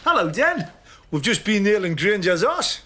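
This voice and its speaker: A man's voice: high voice, sing-song, normal speed, noisy background. An actor with a Geordie accent playing a brash, pushy working man in a TV drama. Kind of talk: TV drama acting.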